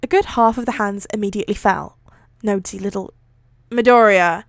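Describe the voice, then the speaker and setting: A British woman with a mid-range voice reads fan fiction aloud on her live stream at a moderate pace. She's chatty and giggly and often corrects herself. The sound is clean studio quality with no room ambience.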